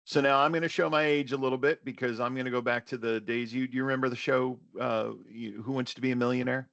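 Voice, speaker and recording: A man's voice: mid-range voice, steady tone, fast, vocal fry, fairly bright tone, no echo, lo-fi sound. A man hosting a webinar conversation, speaking earnestly and often restating his points. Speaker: webinar host.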